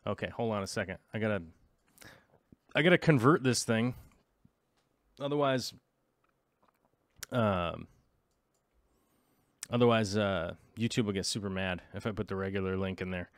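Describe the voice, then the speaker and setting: In a studio-quality recording without echo, a man with a mid-range voice vlogs about his aquarium hobby. His talk is casual and rambling as he browses links, and he keeps interrupting himself, scatterbrained, to look things up.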